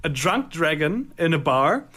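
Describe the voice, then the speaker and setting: A man's voice: fairly high pitch, big pitch swings, measured pace, pushed and bright. A man hosting a casual radio interview, upbeat and chatty. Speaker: radio host.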